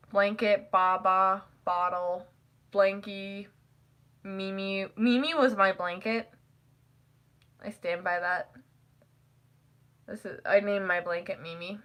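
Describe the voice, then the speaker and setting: Bright-voiced giggly young woman. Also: smooth. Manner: rambling, giggly, acts out quotes in high voices. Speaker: vlogger. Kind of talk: casual chat.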